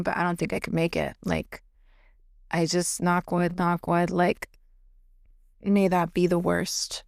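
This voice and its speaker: A woman's voice: fairly low pitch, no room sound, clean studio sound. Candid, profane young woman podcaster. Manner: frank and profane, chatty with many fillers; laughs through heavy topics. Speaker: podcast host. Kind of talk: candid solo podcast monologue. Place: home, recorded late at night.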